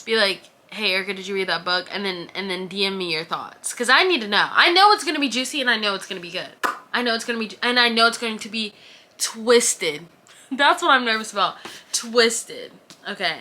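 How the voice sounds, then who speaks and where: A woman in her twenties chatting casually to camera about books, animated and dramatic in her reactions. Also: fairly high pitch. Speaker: book vlogger.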